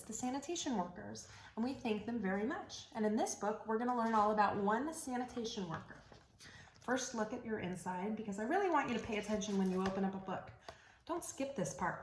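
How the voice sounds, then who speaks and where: A woman reading picture books aloud to young children in an animated, sing-song way, chatting with her listeners between pages. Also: medium pitch, a little hiss or hum. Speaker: children's story reader. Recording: roomy echo.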